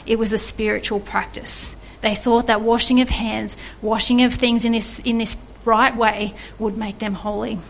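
A woman's voice: a little high, level tone, normal speed, gravelly, hardly any pauses, low-quality recording. An earnest woman giving a reflective devotional sermon, asking her listeners questions. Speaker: preacher.

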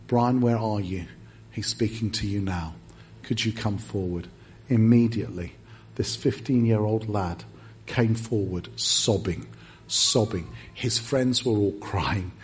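An English man preaching a sermon in a church, telling stories with lively acted-out quotes. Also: on the low side, slight background noise. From England. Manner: animated storyteller, acts out quoted lines. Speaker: guest preacher. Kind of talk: sermon storytelling.

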